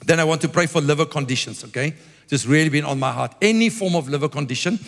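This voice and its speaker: A man preaching a sermon, telling stories with lively quoted dialogue. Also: a little high, quick pace, gravelly. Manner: animated storytelling with quoted dialogue. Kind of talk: sermon with storytelling. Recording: long hall reverb.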